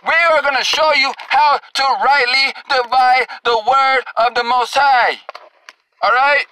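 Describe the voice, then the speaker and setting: A man's voice: very high-pitched, fairly even intonation, a little slow, bright, forceful tone, a little hiss or hum, poor audio. A male preacher delivering an angry, confrontational sermon, scolding and cursing at his listeners and drawing out scripture verses for emphasis.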